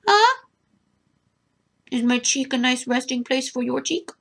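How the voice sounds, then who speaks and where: Woman vlogger, casual chat, animated sing-song pitch, giggly and rambling. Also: unhurried, gravelly. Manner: giggly, rambling, chatty with her cat. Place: home room with her cat.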